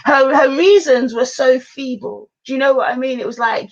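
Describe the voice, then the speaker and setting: Woman, casual podcast talk, animated and laughing, slightly muffled recording. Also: high-pitched, moderate pace, creaky, hardly any pauses. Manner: animated, laughs often, trails off. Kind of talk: casual chat.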